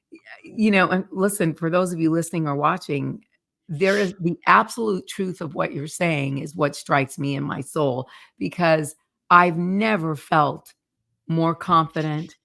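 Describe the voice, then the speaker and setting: A woman's voice: sits low, creaky, fairly bright tone. A woman hosting a Christian interview, speaking earnestly and from the heart. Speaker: ministry host. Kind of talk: interview conversation.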